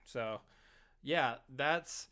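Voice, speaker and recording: A man's voice: mid-range voice, extremely slow, pushed and bright. A man from Texas co-hosting a casual movie podcast. He gives rambling recaps with restarts and teasing banter. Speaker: podcast co-host. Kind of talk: casual chat.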